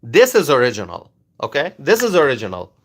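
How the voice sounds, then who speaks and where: A man's voice: medium pitch, wildly swooping pitch, a little fast. A man doing live-stream political commentary into his phone, repeating his points emphatically and asking rhetorical questions.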